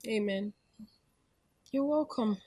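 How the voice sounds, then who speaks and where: A woman's voice: on the high side, slow pace, slightly rough. An actress playing a composed woman president who reassures people, speaking with a Nigerian accent. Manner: calm and reassuring.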